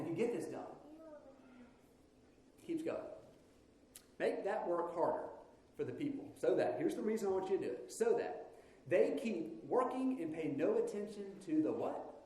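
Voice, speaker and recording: A man preaching in a church sanctuary, his voice swooping up and down with lively energy. The tone is mellow and relaxed, and the talk is loose and playful, full of asides to the congregation. Everything rings in a very echoey hall. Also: high voice. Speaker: pastor. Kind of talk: sermon.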